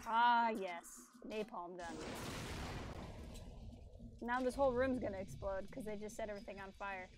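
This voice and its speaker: A woman's voice: mid-range voice, normal speed, long pauses, noisy background. A woman streaming a video game, chatting casually and reacting aloud as she plays. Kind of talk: casual live-stream commentary.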